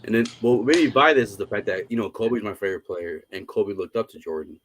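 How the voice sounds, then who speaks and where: Casting: relaxed man, lowish voice, casual collector chat over a video call. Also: fast, slight background noise. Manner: easygoing, says "man" a lot. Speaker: collector, stream guest.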